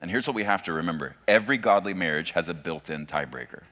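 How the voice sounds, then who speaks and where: A man in his forties, a pastor preaching a sermon in a conversational way that swings from hushed to loud. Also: low-pitched, lively intonation, fast.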